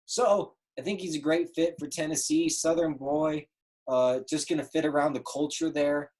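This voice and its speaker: A young man co-hosting a casual sports talk show, chatty and jokey with quick interjections. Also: a little high, steady tone, darkish tone. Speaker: podcast co-host, mock draft participant.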